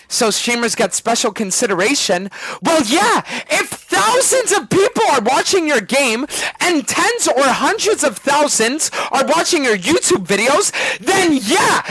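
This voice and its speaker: Male streamer, heated profane rant, very animated pitch, dead dry room. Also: no room sound. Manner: profane, ranting, argumentative.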